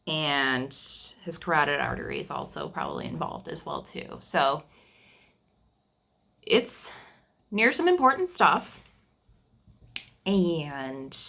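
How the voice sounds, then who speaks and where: A woman in her thirties recording a personal video diary at home, speaking in an emotional, halting way and often repeating phrases. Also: sits low, vocal fry, fairly bright tone. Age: 30s. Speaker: vlogger sharing family news.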